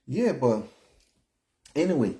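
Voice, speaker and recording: A man's voice: mid-range voice, big pitch swings, slow pace, warm tone. A man in his fifties from Liberia, with a Liberian English accent, giving casual opinion commentary in a blunt, chatty way that keeps checking in with "all right?" and "you know?". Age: 50s. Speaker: vlogger.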